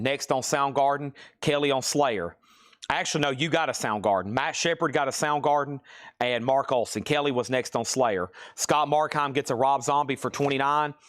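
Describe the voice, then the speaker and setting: A man hosting a live-stream vinyl sale, calling bids in quick auctioneer patter and cracking jokes between items. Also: medium pitch, fairly bright tone. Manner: rapid auctioneer chanting, joking asides. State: sweaty and restless, pacing.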